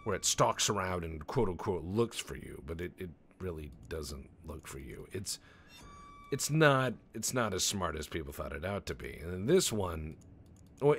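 Deep-voiced guy doing a let's play, rambly and sweary, faint hiss behind. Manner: rambling, profane, joking asides. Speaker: gaming channel host. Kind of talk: casual let's-play commentary.

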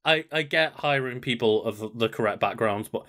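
A man's voice: mid-range voice, normal speed, fairly bright tone. Wry man in easygoing podcast chat. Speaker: podcast co-host. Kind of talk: casual chat.

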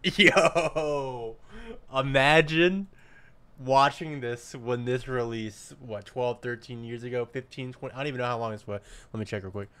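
A man's voice: medium pitch, fairly quick, few pauses, clear, resonant tone. Hyped man reacting to a music video. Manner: excitable, slangy, bursts into hyped exclamations. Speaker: reaction channel host. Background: faint music.

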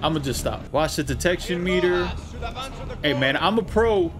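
A man's voice: fairly high pitch, lively intonation, normal speed. A man hosting a let's play, giving loose, joking, profane running commentary. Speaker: gaming channel host.

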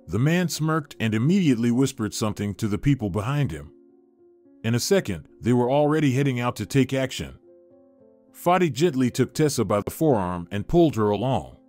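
A man's voice: medium pitch, sing-song, a little fast, a little mellow. A man reading a dramatic story aloud as narrator. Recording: dry studio voice-over with faint music.

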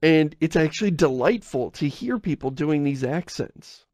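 A man's voice: a little high, lively intonation, normal speed, a little mellow, dry recording. A man co-hosting a podcast in casual chat, rambling and correcting himself as he goes, often chuckling. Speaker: podcast co-host.

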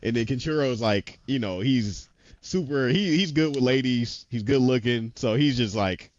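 A man's voice: mid-range voice, animated, moderate pace, lo-fi sound. A man casually retelling an anime episode, rambling with lots of "he was like" quotes and frequent laughs. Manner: laughs often. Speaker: podcast co-host.

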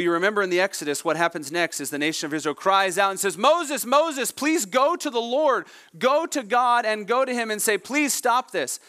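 A male pastor preaching a sermon, expressive, voicing the people in the story as he goes. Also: a little high. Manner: expressive preaching with dramatic voiced quotes.

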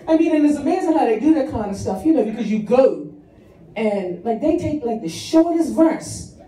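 A woman performs stand-up in a church hall before a live audience, chatty and self-mocking as she stretches out her punchlines. Her high, sing-song voice is mellow and moves at normal speed, with a little hiss or hum. The echoey hall was taped from far off, and the crowd's laughter fills the background.

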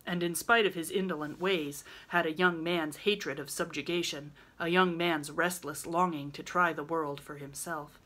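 A woman pastor calmly reading a classic novel aloud as storybook narration. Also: low-pitched.

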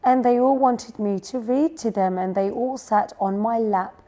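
A woman voicing a small, fussy male owlet who insists everyone sit quietly before he reads, in a children's storybook. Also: a little high, measured pace, pitched above the performer's own voice, close to an everyday voice. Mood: complaining. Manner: insistent, complaining.

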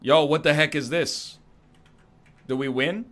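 A man's voice: on the high side, steady tone, measured pace, a bit bright. A man joking and thinking aloud as he plays a strategy game, giving casual gameplay commentary. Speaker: gaming streamer.

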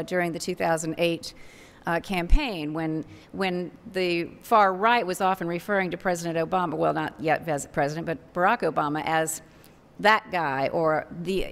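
A middle-aged woman columnist speaking on a university forum panel, candid and wry with self-deprecating asides, into a stage microphone. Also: lowish voice. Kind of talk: panel discussion remarks.

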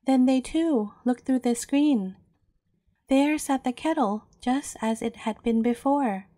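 A woman storyteller reading a bedtime fairy tale aloud in a gentle, measured way. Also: sits high, no echo, studio quality.

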